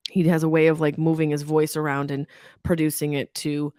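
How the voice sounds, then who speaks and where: A woman's voice: low voice, brisk, smooth, no room sound, clean studio sound. A woman in her thirties hosting a podcast, talking candidly with plenty of swearing and comic asides. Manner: candid, profane, animated. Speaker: podcast host. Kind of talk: casual comedic podcast monologue. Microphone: studio microphone.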